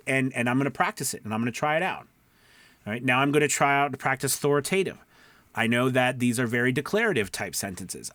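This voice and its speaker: A man's voice: mid-range voice, a bit bright, dry recording. Man coaching voice actors, dry sound. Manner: conversational, repeats "okay" and "right" to check in. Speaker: voice acting coach. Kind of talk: casual teaching monologue.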